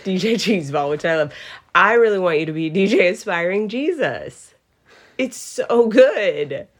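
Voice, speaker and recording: A woman in her thirties co-hosting a podcast, talking in an animated, emphatic way and laughing easily. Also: lowish voice, brisk. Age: 30s. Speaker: podcast co-host. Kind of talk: casual conversation.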